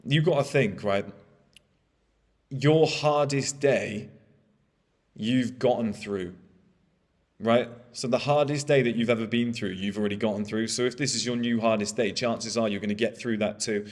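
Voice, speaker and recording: A man's voice: mid-range voice, moderate pace, big-room sound. A man in his thirties giving a candid motivational monologue, blunt and swearing freely. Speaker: motivational speaker.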